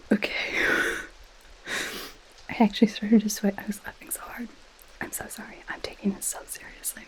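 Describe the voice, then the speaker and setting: A woman's voice: mid-range voice, little pitch movement, moderate pace, poor audio. A woman in a whispered role-play as a possessive goth girl friend, reading a book aloud and mocking it with dry sarcasm. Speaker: ASMR creator.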